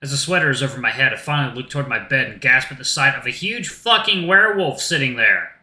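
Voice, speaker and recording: A man's voice: medium pitch, expressive, fast, pushed and bright, echoey room. A man hosting a gaming channel who casually reads a story game aloud. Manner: casual and rambling, with slang. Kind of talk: reading a visual novel aloud.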